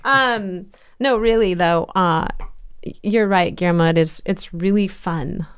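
A woman's voice: lowish voice, unhurried, clear, resonant tone, dry recording, clean studio sound. A woman hosting a casual podcast interview, bubbly and gushing, laughing often. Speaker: podcast host.

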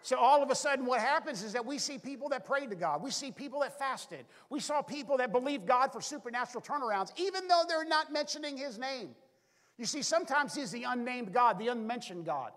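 A man's voice: extremely high pitch, expressive, brisk, fairly bright tone. A male pastor preaching a sermon, retelling the story and acting out the characters' lines, often saying "all of a sudden" and "be able to". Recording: long reverb from a large hall.

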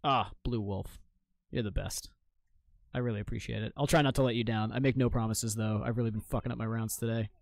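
A man's voice: lowish voice, fairly even intonation, fairly quick, gravelly, no echo. A young man from Maine chatting casually on a live game stream. He reacts to chat with jokes and swears freely. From Maine, United States.

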